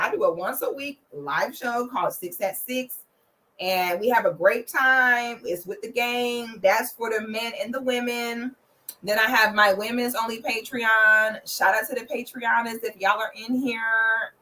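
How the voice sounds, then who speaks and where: Blunt, sassy woman with a higher voice. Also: unhurried, low-quality recording. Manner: blunt, sassy, profane, preachy big-sister advice; bursts into loud playful shouting when pitching her membership. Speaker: vlogger commenting on celebrity relationships. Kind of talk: casual commentary vlog.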